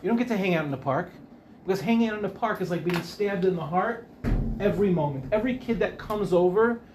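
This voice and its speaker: High-voiced chatty rabbi lecturing. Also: male voice, lively intonation, quick pace, background noise. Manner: chatty, rambling, self-interrupting, asks the audience questions. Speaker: rabbi teaching a class. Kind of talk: informal Torah lecture. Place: Ramat Beit Shemesh.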